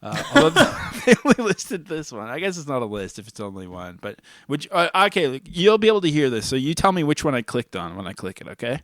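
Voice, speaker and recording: A man's voice: medium pitch, big pitch swings, fast, hardly any pauses, no echo, studio quality. A man hosting a podcast in casual chat, playful and laughing often. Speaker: podcast host.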